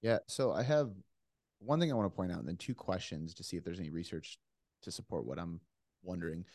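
Deep gravelly podcast host. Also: male voice, a little fast, darkish tone, no echo. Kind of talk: casual podcast conversation.

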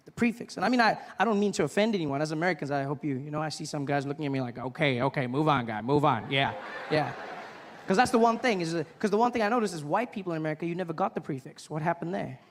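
A male stand-up comedian talking on a stage mic with a fairly high voice. His delivery is loose and conversational, breaking into acted-out voices, with a faint room hum behind. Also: lively intonation, very fast, few pauses. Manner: conversational, acts out characters. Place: comedy stage before an audience.

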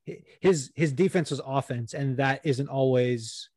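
This is a man co-hosting a sports chat show, talking fast and loose with plenty of swearing and filler words. His voice sits at an ordinary pitch. The sound is close and dry, with no room around it. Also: dry recording. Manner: animated, swears freely, many fillers. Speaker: podcast co-host.

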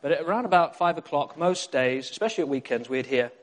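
A man preaches with emphasis and keeps repeating his key phrases. His voice sits a little above the usual pitch for a man and climbs as his excitement builds. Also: fast. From South Africa. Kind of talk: sermon.

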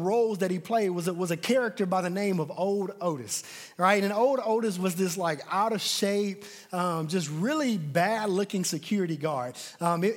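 Brief: emphatic male preacher, high voice, sermon with a long hall echo. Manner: emphatic, repeats words when stressing points.

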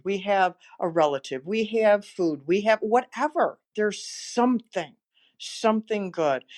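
A woman with a fairly low voice hosts a motivational podcast. She talks in an encouraging, storytelling way as she gives an inspirational talk. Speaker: motivational speaker and podcast host.

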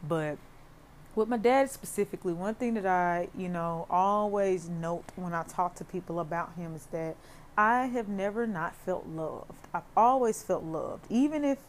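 A young woman who works as a therapist, talking casually and heartfelt on her podcast, with many "you know" fillers. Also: medium pitch. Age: young adult.

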